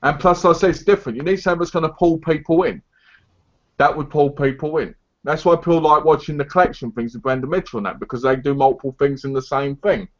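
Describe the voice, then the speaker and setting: A man's voice: on the high side, quick pace. Blunt lecturing man, muffled audio. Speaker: co-host of a live online chat giving advice. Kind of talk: casual live chat. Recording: dull lo-fi stream audio.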